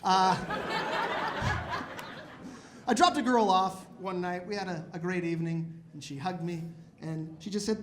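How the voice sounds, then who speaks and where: A man in his thirties doing a stand-up comedy set in a comedy club, with animated, exasperated ranting that climbs to loud outbursts. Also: sits high, a little slow, long pauses, a little hiss or hum. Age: 30s.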